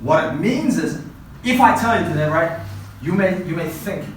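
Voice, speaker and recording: A man from Uzbekistan whose first language is Uzbek, giving an animated motivational talk to students that is full of repetitions and questions like "right?". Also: fairly high pitch, moderate pace. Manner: animated, repeats himself, keeps asking "right?". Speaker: guest presenter at a language academy. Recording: heavy echo, far from mic, faint noise.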